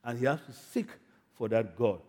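A man preaching a sermon, from Africa, telling the story dramatically, swinging from hushed to shouting. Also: mid-range voice, animated, moderate pace, long reverb tail. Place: church in America.

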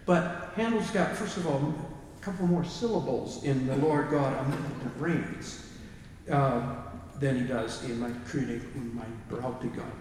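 Recorded from far off in an echoey hall, a man gives an informal music lecture in a medium-pitched, slightly mellow voice at normal speed, with a little hiss or hum. He hesitates with fillers and sings brief phrases to illustrate rhythms.

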